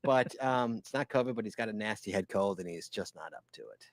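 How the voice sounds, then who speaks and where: A man hosting a live podcast, chatting casually and teasing his co-host with quick laughs and repeated words. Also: on the low side, expressive.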